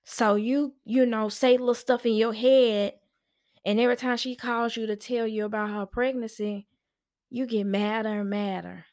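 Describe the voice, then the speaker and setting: A woman's voice: on the high side, fairly even intonation, darkish tone. A woman hosting a podcast, giving frank, chatty advice. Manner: frank, chatty, slow and emphatic. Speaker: podcast host. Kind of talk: casual advice monologue.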